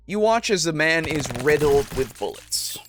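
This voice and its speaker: A man narrating a tabletop role-playing game as game master, slow and halting with many pauses and fillers. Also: on the high side, animated, a little hiss or hum.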